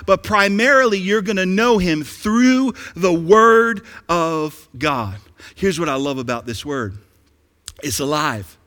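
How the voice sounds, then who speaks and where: Animated high-voiced man preaching in a hall. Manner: animated, swings from soft hushed lines to loud excited peaks. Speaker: pastor. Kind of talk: sermon. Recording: echoey hall.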